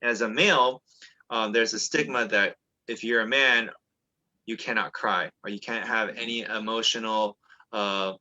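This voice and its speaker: Bright-voiced chatty man, lo-fi sound. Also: fairly low pitch, measured pace. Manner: animated, chatty, many fillers and restarts. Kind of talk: casual discussion. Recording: dull lo-fi sound.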